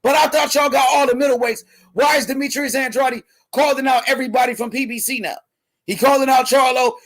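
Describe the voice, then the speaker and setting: A man with a strikingly high voice hosts a casual boxing commentary livestream. He rants heatedly and profanely, often shouting his questions, and stops to read viewer comments aloud.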